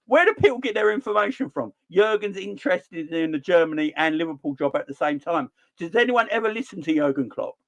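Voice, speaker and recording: A man's voice: sits high, brisk, hardly any pauses. A young man hosting a fan livestream in casual, jokey, blunt chat. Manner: animated, jokey, blunt slang. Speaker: fan channel host.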